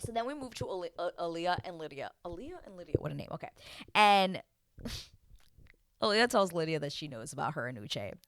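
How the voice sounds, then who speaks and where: A woman talking through a casual reality-show recap, animated and exclamatory, with a slightly low voice. The sound is close and dry, with no room echo. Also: clean tone. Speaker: recap vlogger.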